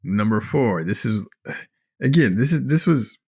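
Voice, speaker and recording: A man's voice: fairly low pitch, expressive, measured pace, darkish tone, breathy edge. A man co-hosting a casual podcast, talking enthusiastically and swearing now and then. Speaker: podcast co-host. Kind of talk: casual chat.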